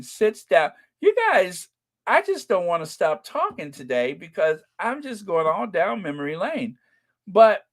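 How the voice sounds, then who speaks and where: Excitable guy on a live stream, higher voice, slow easy delivery, keeps clearing his throat. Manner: gushing and excitable, talks to viewers as you guys. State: runny nose, clearing throat. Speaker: channel host. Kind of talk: casual live-stream chat reading viewer comments.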